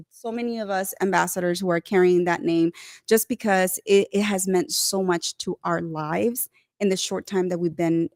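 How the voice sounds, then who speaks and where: A woman's voice: on the low side, no echo. Earnest lady on a panel talking heartfelt, dry sound. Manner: earnest, emotional, speaks of community and belonging.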